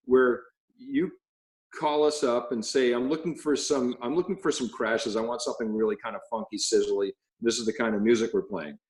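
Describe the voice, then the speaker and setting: A man, a cymbal company president, guest on an interview show, telling animated stories with laughter. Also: medium pitch, roomy sound, poor audio. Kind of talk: storytelling in casual interview.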